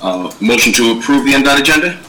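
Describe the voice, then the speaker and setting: A man's voice: medium pitch, animated, fast, pushed and bright, a little hiss or hum, rough recording. A man chairing a formal public board meeting as governor, courteous and thanking each speaker.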